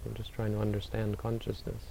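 A man who is a Buddhist meditation teacher, answering audience questions in a calm, unhurried, gently advising way. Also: lowish voice, creaky, slight background noise, poor audio.

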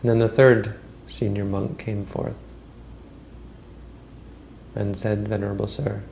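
A man's voice: fairly low pitch, flat delivery, slow, creaky, darkish tone, slight background noise, low-quality recording. A man retelling a Buddhist story as a teacher, in a conversational way with frequent restarts.

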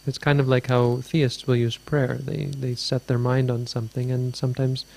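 A man's voice: medium pitch, little pitch movement, normal speed, vocal fry, a little mellow. A man teaching as a Buddhist teacher, answering a question in a dharma talk with meandering, thoughtful storytelling.

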